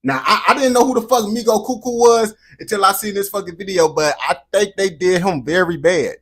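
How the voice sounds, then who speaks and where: An American man hosting a reaction video, talking in a slangy, profane, animated way. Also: high-pitched, brisk, breathy edge. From United States. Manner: slangy, animated, swears constantly. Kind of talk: profane casual reaction commentary.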